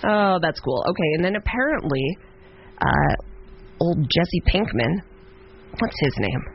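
A man's voice: fairly high pitch, expressive, measured pace, gravelly, muffled recording, a little hiss or hum. A man co-hosting a radio show in casual chat, playful and jokey, often breaking into laughter. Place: radio studio.

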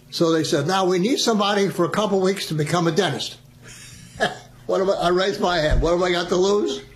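An older man, a veteran, chatting through his war memories with frequent chuckles. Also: fairly high pitch. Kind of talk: storytelling oral history.

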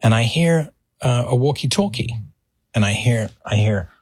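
A middle-aged man telling an animated anecdote on a podcast and acting out the voices in his story. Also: medium pitch, normal speed, husky, no echo, studio quality.

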